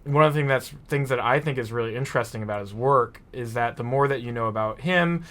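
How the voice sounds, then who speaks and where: Thoughtful, halting man talking art. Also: medium pitch, a bit bright. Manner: halting, thoughtful, restarts often. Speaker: artist, podcast guest. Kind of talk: casual chat.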